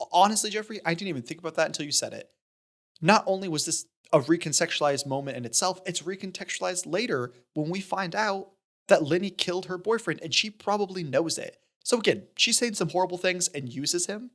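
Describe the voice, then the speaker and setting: A young man co-hosting a podcast, animatedly retelling a film scene with lots of "like" and acted-out quotes. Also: on the high side. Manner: animated retelling, acts out character lines, frequent fillers. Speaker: podcast co-host. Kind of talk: casual film discussion.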